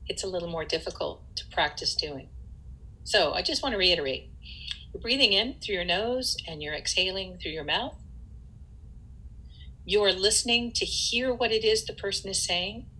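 A woman coaching people through divorce, speaking calmly and repeating her key points. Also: on the low side, husky, rough recording. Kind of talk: spoken advice talk.

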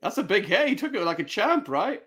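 A man's voice: high voice, sing-song, brisk, fairly bright tone. A man co-hosting a casual fantasy football chat show, laughing and reacting to clips.

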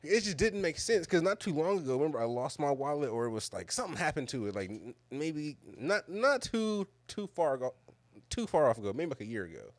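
A man's voice: a little high, very animated, fairly quick, no echo. A man, co-hosting a casual chat and telling rambling stories with lots of laughter. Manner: laughing, rambling, loose storytelling. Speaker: podcast co-host.

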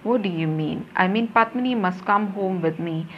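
A woman's voice: medium pitch, moderate pace, dull audio, a little hiss or hum, natural voice. A woman reading as a blunt, insistent young man.

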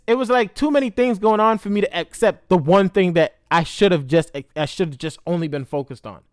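A man's voice: sits high, fairly bright tone, smooth, dry recording, clean studio sound. A man telling a personal story in a candid, rambling, emotional monologue full of profanity.

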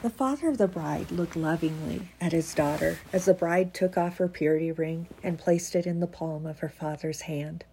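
A woman vlogger with a low, creaky, congested voice chats casually before reading her own reflective writing in an earnest way. She speaks at a moderate pace with few pauses and a little hiss or hum in the background, sounding warm and chuckling often.

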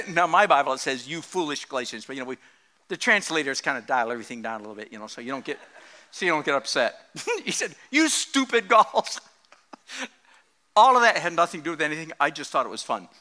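A man delivers a sermon with a bright, forceful edge. His pitch sits high and swings widely as he jokes and laughs at his own asides. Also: fairly quick, long pauses. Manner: animated, joking, laughs often. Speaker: pastor.

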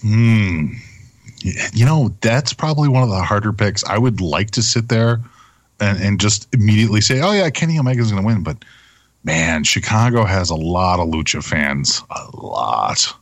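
A man's voice: lowish voice, lively intonation, unhurried, no room sound. A man co-hosting a casual wrestling chat podcast, loose and profane in his talk. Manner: loose and profane, laughs easily. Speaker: podcast co-host.

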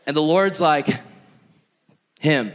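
Young male youth pastor, animated, self-mocking storyteller, mid-pitched voice, long hall reverb. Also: normal speed. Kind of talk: storytelling sermon.

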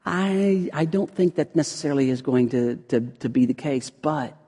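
A man preaching a sermon. He swings from loud, emphatic lines to hushed, near-whispered ones. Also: fairly high pitch, lively intonation, normal speed, breathy edge. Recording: long reverb of a large hall.

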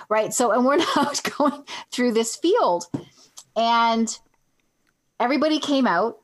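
A middle-aged woman from Canada casually telling a long personal story, rambling and correcting herself as she goes. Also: medium pitch. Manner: rambling, self-correcting, animated.

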